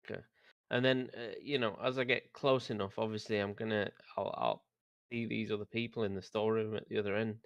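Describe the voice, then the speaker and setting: A man's voice: lowish voice, steady tone, brisk, creaky, no echo, dull audio. A man taking part in a tabletop game, describing what his character does with frequent stammered restarts. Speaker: player. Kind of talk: tabletop role-play chat.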